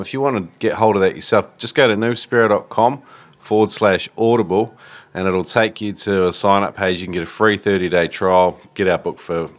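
Deep voiced guy hosting a podcast, relaxed and chatty. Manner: easygoing, chatty, with fillers. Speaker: podcast host. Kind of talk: casual podcast intro.

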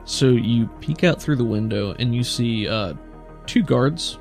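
Gravelly-voiced man running a tabletop game. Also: mid-range voice, soft background music. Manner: relaxed, halting, full of fillers. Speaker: game master.

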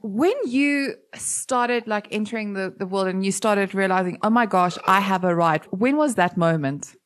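A woman's voice: medium pitch, normal speed. Woman hosting a chat interview. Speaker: interview host. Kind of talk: conversational interview.

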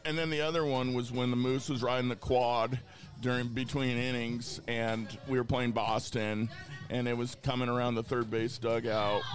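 A man co-hosting a casual sports podcast, recounting stories in a relaxed way. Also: mid-range voice. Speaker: podcast co-host. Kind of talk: casual chat.

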